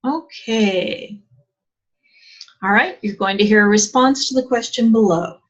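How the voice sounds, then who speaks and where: A woman's voice: medium pitch, measured pace, a bit bright. A woman teacher giving a chatty English exam lesson, asking rhetorical questions and using plenty of fillers. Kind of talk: online lesson. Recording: dull lo-fi sound.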